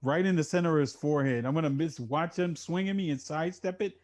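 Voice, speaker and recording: A man's voice: fairly high pitch, quick pace, darkish tone. A man playing a tabletop role-playing game, chatting casually and cursing as he describes his character's moves. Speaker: player.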